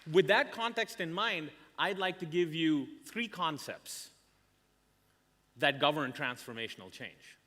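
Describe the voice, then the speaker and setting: A career coach gives a motivational conference talk, telling stories dramatically and leaning on emphatic pauses. His voice sits on the high side with a fairly bright tone, and the recording has the echo of a reverberant hall.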